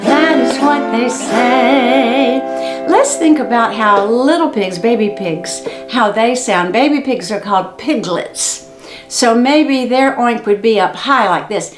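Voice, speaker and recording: A woman's voice: on the high side, expressive, a little slow, reverberant, faint music behind. A woman reading picture books and singing animal songs for preschoolers at a library story time, playful and sing-song. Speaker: children's librarian. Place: library room.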